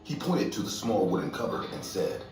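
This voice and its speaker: A man narrating a scripted horror story in a steady, measured way. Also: lowish voice. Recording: echoey distant room, faint music.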